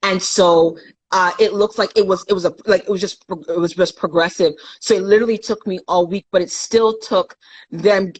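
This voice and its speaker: A woman's voice: mid-range voice, fairly even intonation, moderate pace, breathy edge, rough recording. Young woman telling her story straight out, does little voices for the people in it. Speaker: guest. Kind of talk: personal storytelling in a live chat.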